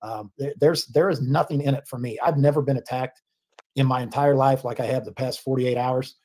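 A man answering interview questions as a family spokesman, earnest and defensive with halting restarts. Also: mid-range voice, fairly even intonation, a little mellow.

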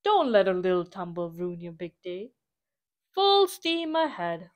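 A woman voicing a kind father steam train who speaks in a gentle, steady way. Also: on the low side, unhurried, pitched below the performer's own voice.

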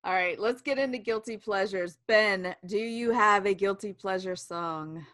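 A woman's voice: medium pitch, unhurried, a bit bright. A woman co-hosting a podcast in casual comedic chat, blunt and joking as she steers the segments. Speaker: podcast co-host.

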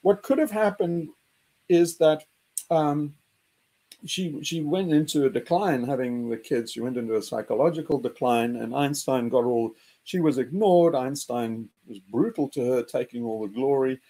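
At a moderate pace, a male host leads a lively group discussion, excitable and mocking, laughing often and jumping in pitch to act out quotes.

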